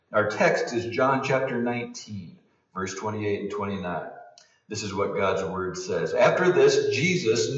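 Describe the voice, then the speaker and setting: A man preaching a sermon as pastor, earnest, rising for emphasis and dropping to hushed low passages. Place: church sanctuary. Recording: roomy, distant, dull sound.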